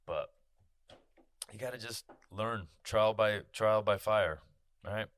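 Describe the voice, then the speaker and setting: A man's voice: fairly low pitch, slow pace, fairly bright tone, no echo. A man hosting his own podcast, talking in a candid casual monologue, swearing freely and peppering his talk with "you know". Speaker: podcast host. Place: podcast studio.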